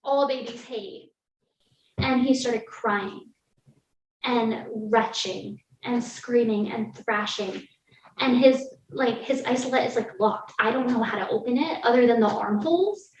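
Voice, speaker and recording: A woman's voice: a little high, unhurried, a little hiss or hum. A woman guest on a podcast telling a personal story in a candid, casual way, peppered with "like" and the odd laugh. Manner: candid, lots of "like", laughs through hard moments. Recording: roomy, distant, dull sound with faint ambience.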